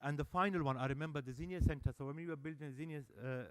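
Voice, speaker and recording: A man's voice: fairly high pitch, racing. A man giving a speech at a public meeting, telling stories and acting out the dialogue with energy. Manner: animated storyteller, acts out dialogue. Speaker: service user speaker at annual meeting. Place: meeting hall.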